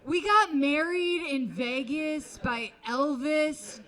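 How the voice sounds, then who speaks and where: A woman comedian performs stand-up on a club stage in a high, bright, crisp voice. Her delivery is wry and chatty, full of sarcastic asides. She sounds casual and confiding. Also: slow, hardly any pauses.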